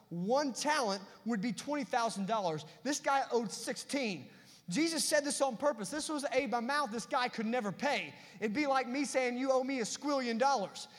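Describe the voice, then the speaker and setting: A man preaching a sermon, moving between emphatic loud passages and hushed, quiet asides. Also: very high voice, long reverb tail. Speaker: pastor. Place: church sanctuary.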